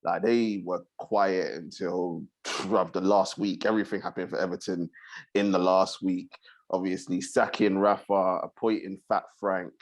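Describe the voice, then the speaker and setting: Low-voiced guy leading a football chat, easygoing slang-heavy banter. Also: fairly even intonation, unhurried. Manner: laid-back slangy banter. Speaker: co-host of a football chat show.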